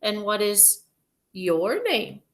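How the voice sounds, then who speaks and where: A woman voicing a small, gentle, polite male porcupine in a storybook reading, in a soft, raised voice. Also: mid-range voice, big pitch swings, slow, rough recording. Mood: wistful.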